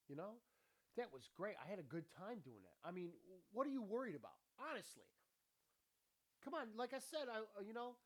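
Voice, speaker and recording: Male show host, slightly high voice, rambling motivational talk, curses freely, talks to a camera. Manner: rambling, profane, laughing often. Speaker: podcast host. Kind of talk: motivational monologue. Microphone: camera with ring light.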